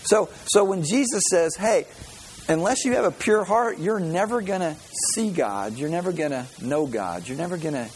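A man's voice: on the high side, lively intonation, moderate pace, a little hiss or hum, low-quality recording. A man preaching a sermon, earnest and conversational, often repeating words as he builds a point. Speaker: pastor.

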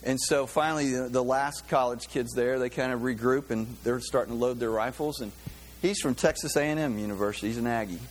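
A pastor giving a sermon in a loose, conversational way, with many fillers and restarts. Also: male voice, mid-range voice, steady tone, a little fast, slight background noise. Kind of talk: sermon with a joke.

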